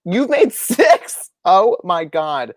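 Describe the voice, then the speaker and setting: A man's voice: high voice, dry recording, studio quality. A young man hosting a casual crafting livestream, chatting and teasing playfully over a video call. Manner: animated, quick, playful teasing. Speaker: host and author.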